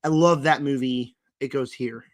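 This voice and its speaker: A man's voice: mid-range voice, steady tone, moderate pace. A young man reviewing horror movies in a casual vlog, talking in a rambling, emphatic way full of fillers, his voice now and then cracking. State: voice cracking, throat-clearing.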